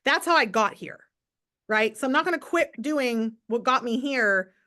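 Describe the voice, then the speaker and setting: A woman's voice: a little high, expressive, moderate pace, sharp tone. A woman leading a live motivational morning call for her team, upbeat and enthusiastic, chatting to viewers and repeating key points for emphasis. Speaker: network marketing team leader.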